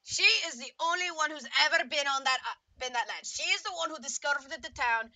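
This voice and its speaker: A woman runs a tabletop game as dungeon master, narrating with playful asides. Her voice is high and bright. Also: a little fast, dry recording.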